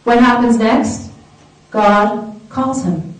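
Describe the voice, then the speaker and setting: A woman lectures an audience in an animated, engaging manner and draws them in with questions. Her voice sits a little high. It rings through a large echoey hall, picked up from a distance. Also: slow pace. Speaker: speaker.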